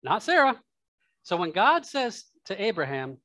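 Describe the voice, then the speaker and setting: A man preaching a sermon in a conversational, thinking-out-loud way. His voice sits a little high for a man. The sound is close and dry, with hardly any room in it. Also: wildly swooping pitch, measured pace, no echo. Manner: conversational, musing aloud with asides and laughs. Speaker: pastor. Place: church.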